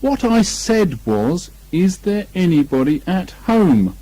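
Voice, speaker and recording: A man's voice: sits high, very animated, a little slow, pitched above the performer's own voice, exaggerated voice. A man voicing a greedy, simple-minded male teddy bear in a storybook reading, bumbling and hesitant, on a muffled old tape. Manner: bumbling, hesitant, loud exclamations.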